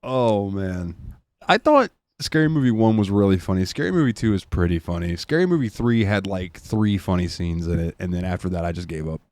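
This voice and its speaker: A man co-hosting a podcast, telling stories in a casual, profane, animated way. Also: sits low, fairly quick, no room sound. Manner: animated, profane storytelling with laughs. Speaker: podcast co-host. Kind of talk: casual chat.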